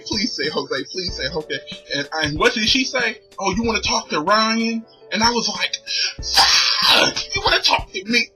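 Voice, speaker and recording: A man's voice: on the high side, pushed and bright, low-quality recording. Upbeat young man telling a story. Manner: laughs while telling, loose slangy talk. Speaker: vlogger. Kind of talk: casual storytelling.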